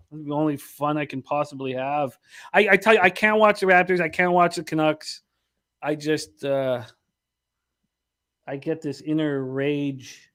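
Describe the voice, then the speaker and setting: High-pitched guy running a betting show, swears a lot, sounds fed up and rambly. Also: a bit bright. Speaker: sports betting podcast host. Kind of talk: casual sports betting talk.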